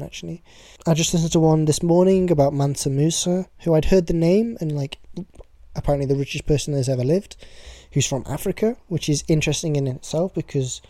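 Young British host, casual solo podcast, warm tone, chatty and sweary. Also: medium pitch, dry recording. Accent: British English. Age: young adult.

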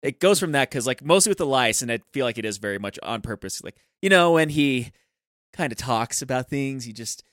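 Male podcast co-host, mid-pitched, rambling casual talk, dry sound. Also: lively intonation, fairly quick, a bit bright, dry recording. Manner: loose and rambling, heavy use of "like". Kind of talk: casual movie discussion.

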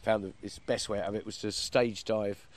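A man telling an animated anecdote, acting out quotes and laughing as he goes. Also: fairly low pitch, normal speed. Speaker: performer. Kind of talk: anecdote in casual chat.

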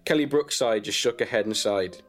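A man reading a crude comic story about himself in a deadpan way and breaking into laughs. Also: on the low side, fairly quick, faint music behind.

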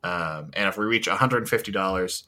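A man's voice: low-pitched, normal speed, sharp tone. A man co-hosting a podcast in casual chat, rambling with many fillers and the odd swear. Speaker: podcast co-host.

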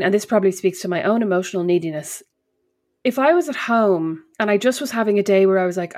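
An Irish woman in her thirties co-hosting a relaxed podcast chat. She tells anecdotes animatedly, slipping into quoted voices along the way. Her tone stays conversational and easy. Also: mid-range voice. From Ireland. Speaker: podcast co-host. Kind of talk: casual chat.

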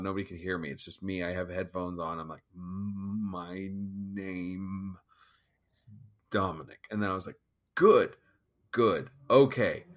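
A man telling a personal story in an interview, halting and restarting as he acts out his own thoughts. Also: low voice, sharp tone. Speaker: guest musician. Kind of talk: conversational storytelling.

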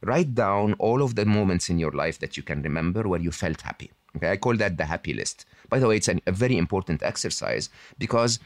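A man's voice: low voice, expressive, fast talker, hardly any pauses, no room sound. A man as a podcast guest, explaining in a self-assured, teacherly way and often adding "hmm?" or "okay?" to check in. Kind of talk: explaining to an interviewer.

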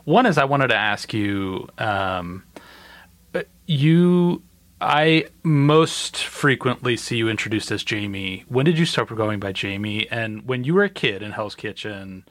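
A man hosting a conversational interview, asking questions thoughtfully with hesitant pauses. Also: on the low side, expressive, a bit bright, no echo. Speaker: interviewer host.

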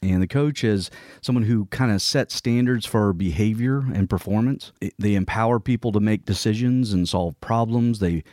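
A man with a fairly low, mellow voice talks through ideas in an earnest, explanatory way. He keeps a conversational tone and slips into short quoted lines now and then. The sound is dry and close. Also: moderate pace, no room sound. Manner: earnest, explanatory, acts out quoted colleagues in passing.

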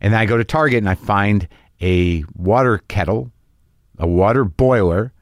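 A man's voice: fairly low pitch, moderate pace, no echo, studio quality. A middle-aged man telling a stand-up story, rambling and self-mocking, swearing freely and acting out his own asides. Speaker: comedian.

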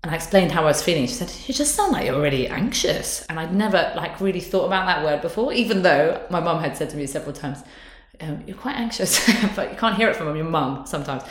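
A candid, chatty woman in her thirties, talking in a low voice. She speaks openly and laughs easily. The sound is roomy and echoing. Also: animated, quick pace, few pauses, a little hiss or hum. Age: 30s. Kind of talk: casual chat. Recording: roomy echo.

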